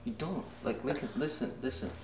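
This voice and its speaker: A man plays a stammering, evasive young guy who keeps brushing people off and snaps when he is pushed. He sits at an ordinary pitch. A distant mic puts him in a roomy, echoing space with a hiss behind. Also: brisk, close to an everyday voice. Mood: defensive. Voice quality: stammering, repeats words. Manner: evasive and dismissive, flares into anger. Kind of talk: short film acting.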